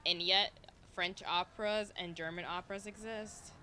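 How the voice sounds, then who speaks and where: A young woman streamer in casual chat, rambling with lots of fillers and a slight vocal fry. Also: fairly low pitch, steady tone, normal speed, pushed and bright, slight background noise. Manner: chatty, rambling with fillers and self-interruptions.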